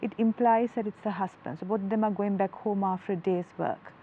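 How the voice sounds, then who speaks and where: A woman's voice: medium pitch, brisk, phone-quality sound, a little hiss or hum. A woman, a psychology guest on a talk show, explaining earnestly through a story. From Sri Lanka. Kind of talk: studio talk show interview.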